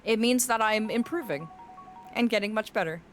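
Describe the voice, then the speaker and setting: A woman's voice: a little high, normal speed, soft background music. A woman streaming, chatting casually and affectionately with her chat, her voice cracking now and then. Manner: affectionate, reads chat aloud, often laughs.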